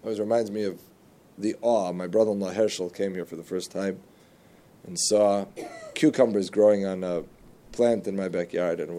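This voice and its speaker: A man giving a religious lesson, telling jokes and stories, with animated jumps in pitch on key words. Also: slight background noise. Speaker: Torah teacher.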